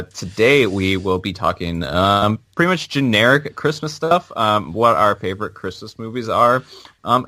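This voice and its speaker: A man's voice: on the low side, bright, forceful tone, no room sound. A man hosting a casual podcast chat, hesitant and full of fillers as he leads the talk. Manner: hesitant, many fillers and restarts. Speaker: podcast host.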